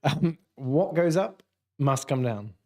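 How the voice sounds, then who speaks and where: A man's voice: a little high, expressive, takes it slowly, darkish tone. A man hosting a casual livestream quiz, jokey and punning as he reads out answers. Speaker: quiz host.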